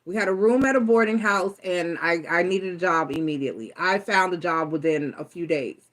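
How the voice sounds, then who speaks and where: A woman's voice: lowish voice, a little fast, a bit bright. A woman giving a casual live tarot reading, blunt and profane, rambling through stories as she talks. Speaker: tarot reader.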